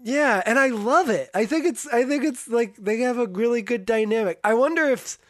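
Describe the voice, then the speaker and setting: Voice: medium pitch, moderate pace, no room sound, studio quality. A co-host in a casual recap chat, jokey and trailing off mid-thought. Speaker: podcast co-host.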